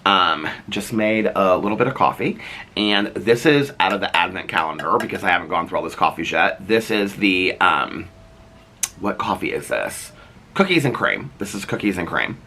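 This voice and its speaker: Male daily vlogger, deep voice with a sharp, bright edge, loose rambling chat. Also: expressive, moderate pace. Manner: rambling, chatty, frequent fillers and restarts. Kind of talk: casual chat to camera.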